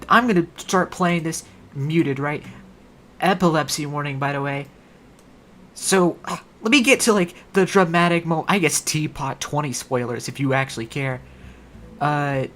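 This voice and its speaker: A woman streamer chatting casually on a livestream, rambling in a wry, sarcastic way. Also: sits low.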